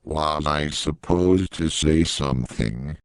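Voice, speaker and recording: A man voicing a slow, spacey purple dinosaur in a crude comedy parody, talking in a dazed, trailing-off way. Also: a bass voice, dry recording, clean studio sound, voice pushed down, heavily acted. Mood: spaced out. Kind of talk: parody voice acting.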